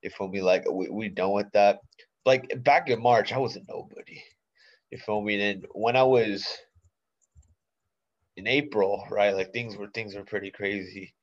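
A young man in his late teens talks on his own podcast in a relaxed, slang-heavy way, packed with fillers. His voice sits a bit low. The recording sounds muffled and lo-fi. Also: unhurried. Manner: laid-back slangy talk, many fillers. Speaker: podcast host. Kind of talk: casual solo podcast monologue. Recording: dull lo-fi sound.

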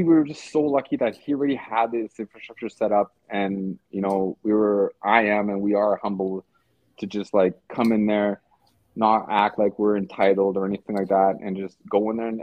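A man's voice: on the low side, steady tone, moderate pace, no room sound. A man from South Africa, a podcast guest, talking casually in loose slang with many restarts and fillers. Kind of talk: casual conversation. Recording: tinny phone-like call audio.

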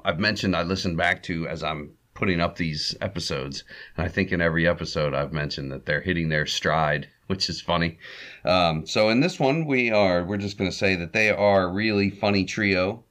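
Male podcast host, low voice, laid-back recap, chuckling, conversational fillers. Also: moderate pace. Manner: chuckles often, relaxed with fillers. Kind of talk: casual recap of an old comedy short.

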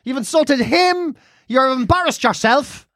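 A woman's voice: sits high, animated, measured pace, fairly bright tone, dry recording, studio quality. An Irish woman in casual chat, telling swear-laden stories and slipping into put-on voices.

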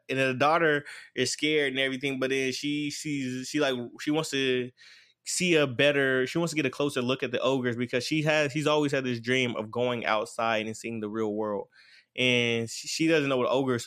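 A man talks through an anime plot in a loose, rambling recap, stacking up "like" and "blah, blah, blah." His voice sits at a middle pitch for a man. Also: fairly even intonation, fairly quick, a bit bright. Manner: rambling, lots of fillers like "blah, blah, blah". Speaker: anime reviewer. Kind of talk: casual show recap.

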